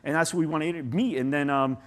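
A man speaking as a guest in an interview, animated and storytelling, leaning on "like" a lot. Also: a little high, quick pace. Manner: animated, storytelling, says "like" often. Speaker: guest agency CEO. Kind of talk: conversational interview.

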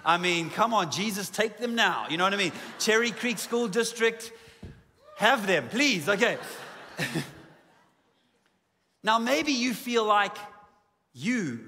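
A man's voice: sits high, expressive, unhurried, pauses often, pushed and bright. A man pastor preaching a sermon in a church auditorium, joking at his own expense and stacking emphatic repeated lists. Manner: humorous, self-deprecating asides. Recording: long hall reverb in a church.

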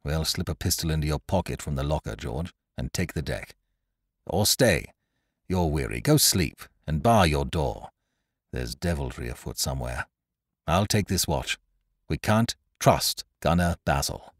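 A man voicing a stern, shrewd ship's captain who gives curt, hushed orders in a storybook reading. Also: lively intonation, unhurried, no room sound, clean studio sound, exaggerated voice. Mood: urgent. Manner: commanding, curt, low and hushed.

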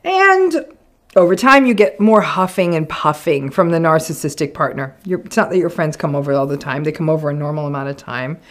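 A woman's voice: low-pitched, fast, few pauses. A middle-aged woman psychologist hosting her own channel, explaining relationship patterns in a frank, conversational way and acting out quoted lines. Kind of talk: direct-to-camera explainer talk.

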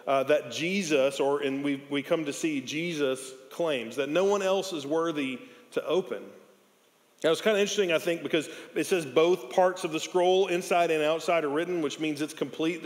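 A man preaching a sermon in an earnest, conversational way, dropping to a hushed, slow voice at emotional points. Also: on the high side. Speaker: pastor. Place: church sanctuary. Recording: long hall reverb in a church.

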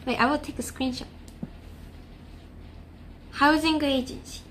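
A young woman speaking English with a Japanese accent, in a high, bright voice, slow and unhurried. She chats casually with her stream viewers, laughing often and pausing to find the right English words. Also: steady tone, slight background noise.

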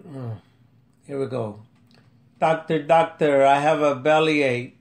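A man's voice: fairly high pitch, steady tone, a little slow. A man reading out his own humorous poem, chuckling and amused at himself. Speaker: amateur poet. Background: faint music.

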